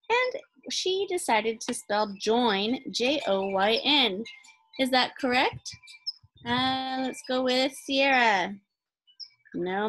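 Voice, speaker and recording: A woman's voice: fairly high pitch, a bit bright, a little hiss or hum, rough recording. A woman teacher giving a recorded phonics lesson to young children. She speaks patiently, calls on kids by name and answers for them, and praises them often. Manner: patient, talks to children by name, pretend call-and-response; upbeat classroom tone, praises often.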